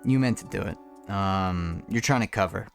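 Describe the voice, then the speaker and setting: A man's voice: moderate pace, vocal fry, faint music behind. Blunt, foul-mouthed young man ranting. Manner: blunt, crude and profane, mocking; swings from high-pitched rants to low mutters. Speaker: content creator. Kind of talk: reacting to viewer comments.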